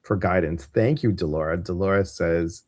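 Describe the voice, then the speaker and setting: With a deep, darkish voice at an ordinary pace, a Midwestern American man hosts an easygoing live stream, chatting aimlessly and saying um and uh a lot. There's no echo in the audio.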